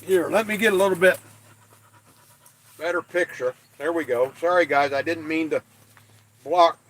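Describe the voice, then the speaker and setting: A man's voice: a little high, normal speed, a bit bright. An older man from the American West hosting a livestream, chatting casually and folksy with viewers as he reads their comments. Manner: folksy, self-deprecating, reads chat aloud. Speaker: livestream host. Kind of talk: casual chat with live chat viewers.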